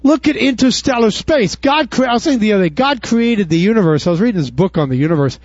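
A man preaching with a high, very lively voice that leaps up in bursts and drops to a murmur. His talk is casual and folksy. The sound is dry and dull, slightly lo-fi. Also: fast talker, dry recording. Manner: animated preaching, swings from loud high bursts to low murmurs; casual, folksy, says "dude" and "y'all". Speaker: pastor. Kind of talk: sermon.

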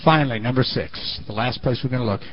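A man preaching a sermon in an animated way, swinging between loud and quiet, on a muffled lo-fi recording. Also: medium pitch, fast talker, husky.

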